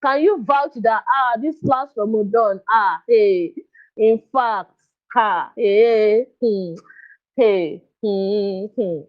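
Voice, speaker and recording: A woman's voice: medium pitch, takes it slowly. A woman coaching parents in a live online workshop, speaking earnestly and coaxingly and checking often that listeners follow her. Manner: earnest, coaxing, often asks "you understand?". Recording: dull lo-fi dry sound.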